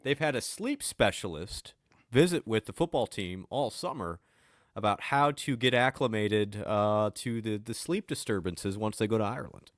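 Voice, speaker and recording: A man co-hosting a sports podcast in casual chat, upbeat and teasing, with quick asides. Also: lowish voice, expressive, no room sound, clean studio sound. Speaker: podcast co-host, team beat reporter.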